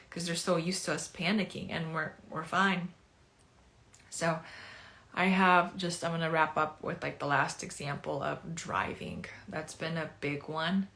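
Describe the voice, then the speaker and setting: A woman coach tells stories about her clients in a lively, casual way, with a lot of "like" fillers. Her voice sits fairly low for a woman. Its tone is bright and forceful. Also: a little slow. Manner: animated, acts out clients' words, many "like" fillers. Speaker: anxiety and trigger coach. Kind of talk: casual storytelling to camera.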